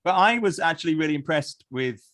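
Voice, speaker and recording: A man co-hosting a casual review chat, agreeable and measured as he gives his views. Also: a little high, lively intonation, fairly bright tone. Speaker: podcast co-host.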